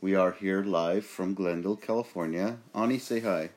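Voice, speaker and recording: Man, very low voice, young adult, podcast host, rambling, lots of fillers. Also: moderate pace, a little mellow. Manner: rambling, with many fillers and restarts. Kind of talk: casual podcast chat.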